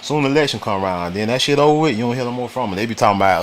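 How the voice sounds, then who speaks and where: A man from the United States talks fast in a medium-pitched voice with big pitch swings, and a little hiss or hum can be heard. Hosting a casual political stream, he uses loose slang, says his points again and again, and keeps pausing to greet chat viewers.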